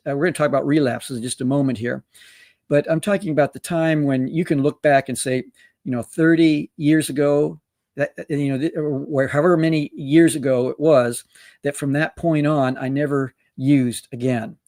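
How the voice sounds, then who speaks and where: A man's voice: a little high, steady tone, moderate pace, a little mellow, no room sound, clean studio sound. A man hosting an interview, talking in a rambling way. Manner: rambling, full of fillers and restarts. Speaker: host. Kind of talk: interview host.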